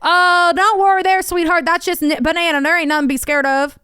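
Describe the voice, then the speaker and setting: A woman's voice: extremely high pitch, flat delivery, fairly quick, sharp tone, dry recording, studio quality, pitched above the performer's own voice. A woman voicing a friendly gas station clerk, reassuring in a folksy drawl.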